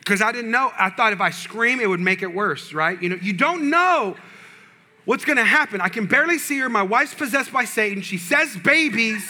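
A male pastor preaching a sermon, telling a personal story with animated, humorous delivery to his congregation. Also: high-pitched, normal speed, slight background noise.

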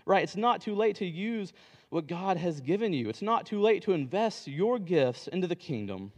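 A man's voice: sits high, very animated, lo-fi sound. Casual preacher man, echoing hall. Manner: casual, conversational preaching with fillers; acts out the parable's characters in quick dialogue. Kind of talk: sermon.

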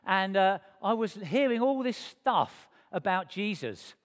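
A man telling his life story to a church congregation in a lively, self-mocking way, acting out the dialogue. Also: high voice, a little slow. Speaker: speaker sharing his testimony to a church congregation. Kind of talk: personal storytelling. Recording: long reverb of a church hall.

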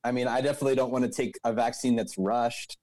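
Laid back dude cohost, mid pitch voice, dry close sound. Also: male voice, fast, no room sound. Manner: relaxed, easygoing, hedging with "I mean". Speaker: podcast co-host. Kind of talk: casual podcast chat.

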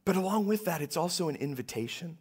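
A man preaching a sermon in a church, talking conversationally and moving between hushed lines and emphatic ones. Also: on the high side, animated, fast, husky. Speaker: pastor.

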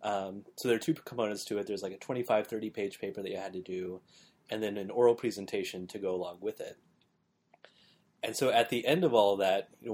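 A man with a flat Midwestern American accent, rambling easily through a casual podcast conversation. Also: lowish voice, husky. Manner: relaxed, rambling, lots of fillers like "like". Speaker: podcast co-host.

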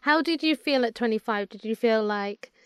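A woman hosting a podcast, asking gentle, sympathetic questions in casual chat. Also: fairly high pitch, moderate pace, smooth, dry recording. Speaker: podcast host.

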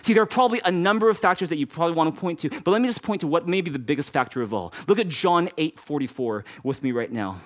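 A man's voice: on the high side, expressive, quick pace, hardly any pauses. A man preaching a sermon as pastor, repeating key phrases and speaking directly to his congregation.

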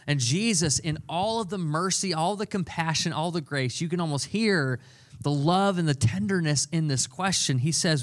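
A man's voice: a little high, moderate pace. A young adult man preaching a sermon, earnest and conversational, repeating key phrases for emphasis. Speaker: pastor.

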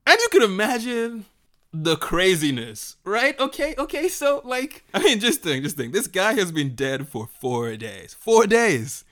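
A man retelling a Bible story in a lively, animated way, laughing often and acting out the voices of the people in it. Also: sits high, a little slow.

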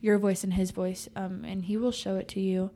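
A young woman in a casual faith chat with her friends. She talks loosely and openly, piles on fillers and pokes fun at herself. Her pitch sits in an ordinary middle range. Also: level tone, moderate pace, mellow, a little hiss or hum. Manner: chatty, self-deprecating, many fillers. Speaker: podcast co-host.

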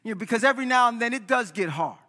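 A man preaching a sermon in a church, animated, often checking in with "right?". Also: very high-pitched, rapid-fire, in a large hall. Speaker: pastor. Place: church sanctuary.

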